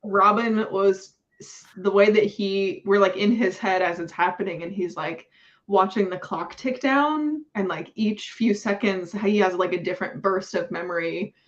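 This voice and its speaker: A woman's voice: medium pitch, moderate pace, highs cut off. A woman hosting a casual book discussion, gushing and heavy on fillers, laughing between lines. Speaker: book club host.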